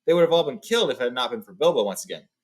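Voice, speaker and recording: A man's voice: medium pitch, lively intonation, rapid-fire. A man reading a novel aloud, switching between reading and casual summaries with fillers. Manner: reads, then sums up casually with fillers. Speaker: reader. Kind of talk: book read-along with casual summaries.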